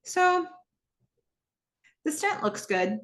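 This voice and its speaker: A woman voicing a dry, terse male doctor who talks in clipped lines with long pauses. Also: sits high, very animated, fairly bright tone, roomy sound, pitched above the performer's own voice, exaggerated voice. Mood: deadpan.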